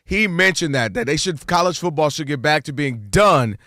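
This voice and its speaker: A man co-hosting a sports radio show, talking in a quick, emphatic way. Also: on the high side, expressive, bright, forceful tone, dry recording, studio quality.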